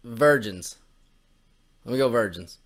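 Blunt, swearing podcast co-host. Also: male voice, mid-range voice, expressive, slow. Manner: blunt, dry one-liners, heavy swearing. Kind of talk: crude comedic podcast banter.

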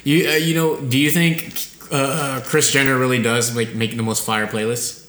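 A man's voice: medium pitch, flat delivery, normal speed, fairly bright tone, slight background noise. A young man co-hosting a podcast, chatting casually and pushing back with skeptical teasing. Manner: skeptical, pushes back and teases. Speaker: podcast co-host. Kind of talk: casual chat. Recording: echoey room.

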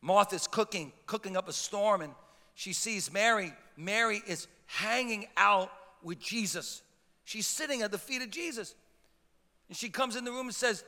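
High, bright-voiced pastor preaching in a reverberant hall. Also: male voice, moderate pace. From Italian heritage. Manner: impassioned, repetitive stammering restarts. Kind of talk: sermon.

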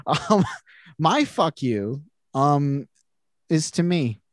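A man with a slightly raised pitch tells a funny story against himself in a casual podcast chat. He laughs as he goes, and his voice sounds dry and close to the mic with no room around it. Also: very animated, very slow, dry recording. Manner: self-mocking, laughs through his story. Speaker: podcast co-host.

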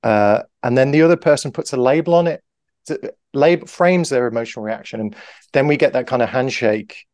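A man's voice: medium pitch, a little fast, darkish tone, no echo. Rambling male improv guest, dry sound. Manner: rambling, self-correcting, acts out example lines. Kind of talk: casual interview chat.

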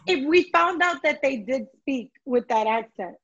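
A woman's voice: high voice, animated, measured pace, a bit bright. A woman co-hosting a podcast, talking emphatically in casual chat and laughing often. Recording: dull lo-fi sound.

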